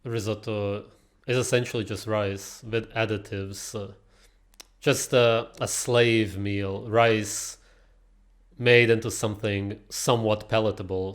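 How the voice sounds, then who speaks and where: Low-voiced man lecturing in a reaction video. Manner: opinionated, lecturing, with frequent "uh" fillers. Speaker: commentator reacting to clips. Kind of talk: casual reaction commentary.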